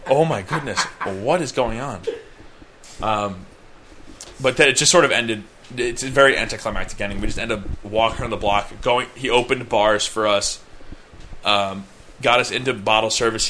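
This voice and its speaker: Low-voiced young man telling a rambling story. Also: fairly even intonation, brisk, bright, forceful tone, a little hiss or hum. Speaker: podcast co-host. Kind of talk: casual chat, storytelling.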